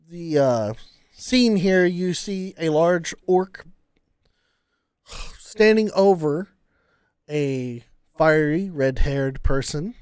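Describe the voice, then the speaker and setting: A man narrating as game master of a tabletop game, halting with many fillers. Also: fairly high pitch, a little mellow, clean tone, no room sound, clean studio sound.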